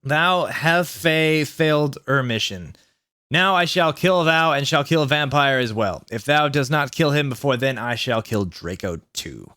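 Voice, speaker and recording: A man voicing a menacing male dark lord in a slow, raspy, low delivery for a comic reading. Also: lively intonation, no echo, clean studio sound.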